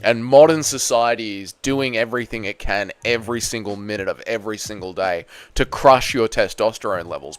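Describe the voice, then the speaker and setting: A young man casually chatting on a livestream, answering chat comments, swearing and breaking into loud excited bursts. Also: lowish voice, dry recording. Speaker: livestream host.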